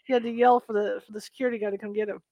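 A woman's voice: medium pitch, flat delivery, racing, no echo, lo-fi sound. A middle-aged woman from California telling stories in a casual chat, laughing now and then as she talks. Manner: chatty storyteller, laughs while telling. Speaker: conversation partner. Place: Sacramento, USA.

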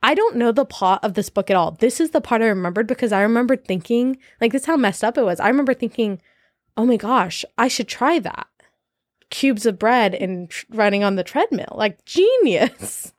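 A woman's voice: a little high, lively intonation, fast talker, few pauses, darkish tone, no room sound, studio quality. A young woman in her twenties talking candidly in a casual podcast chat, laughing often and using many fillers.

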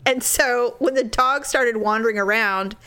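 A woman casually telling a story, exasperated and animated, acting out the people in it. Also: fairly high pitch, normal speed. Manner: animated, exasperated, acts out voices.

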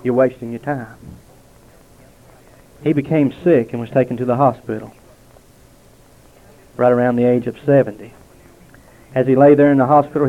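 A man giving a heartfelt spoken testimony to a gathering at a restaurant, telling stories with dramatic pauses. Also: medium pitch. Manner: earnest, storytelling with dramatic pauses. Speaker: lay speaker giving testimony. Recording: tinny, narrow-band lo-fi recording.

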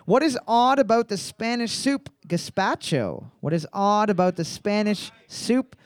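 A man hosting live trivia, reading each question twice in a slow, drawn-out way and joking between questions. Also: high voice, animated, clean tone, dry recording. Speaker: trivia host.

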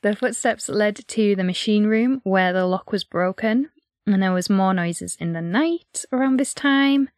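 A woman's voice: medium pitch, measured pace, no room sound, clean studio sound. A woman from England co-hosting a true-crime podcast, musing casually with many filler words. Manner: reflective, lots of 'like' fillers. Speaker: podcast co-host.

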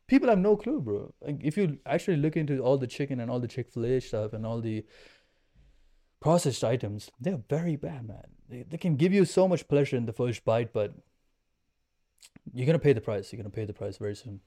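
A man's voice: medium pitch, animated, brisk, dark tone. A man in his twenties, a podcast guest, talking in an intense, emphatic, slangy way. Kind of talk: casual chat.

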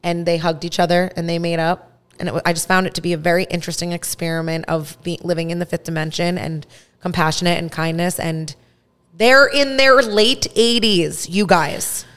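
Woman host around 30 spilling a story, like, like, super casual, lowish voice. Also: a little fast, smooth. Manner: animated, many "like" fillers. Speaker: podcast host.

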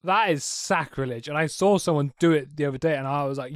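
A man's voice: a little high, a little fast, big-room sound. A man in his twenties with a British accent, talking through a voice modulator while co-hosting a casual podcast chat. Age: 20s. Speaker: podcast co-host.

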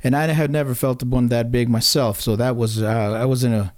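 Quick-speaking older man, dry sound. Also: mid-range voice, fairly even intonation, no room sound. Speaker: father, former firefighter. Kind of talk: casual conversation.

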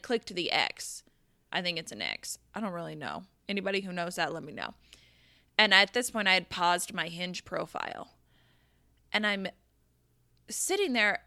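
A young woman telling a storytime rant to camera, exasperated and animated, with frequent swearing. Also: medium pitch, no room sound, studio quality.

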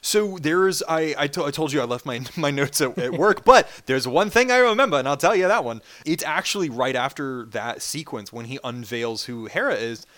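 Animated man in casual fan chat. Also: a little high, normal speed, hardly any pauses. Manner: animated, swears, quotes characters in put-on voices. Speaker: podcast co-host.

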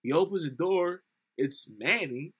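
A man's voice: on the high side, expressive, measured pace, slightly rough. A young man co-hosting a casual film review podcast, animatedly retelling scenes and acting out lines. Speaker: podcast co-host.

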